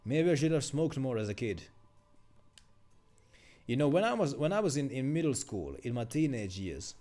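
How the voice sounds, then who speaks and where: A man's voice: mid-range voice, very animated, normal speed, warm tone. A man streaming a video game, chatting casually and rambling with lots of fillers.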